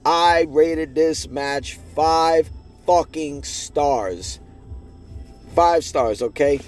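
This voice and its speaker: A man's voice: a little high, drawn-out words. Guy hosting a wrestling podcast, hyped up and cussing a lot, faint music behind. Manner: excited, profane, talks to listeners directly. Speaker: podcast host. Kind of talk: casual wrestling review.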